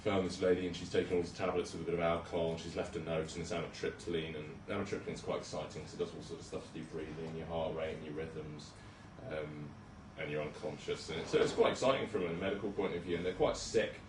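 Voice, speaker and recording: Quick and with few pauses, a young man with a low, fairly flat voice presents slides as a junior doctor. He chats about his work in a self-deprecating, hesitant way, full of ums and restarts, far from the mic in a roomy hall with slight background noise.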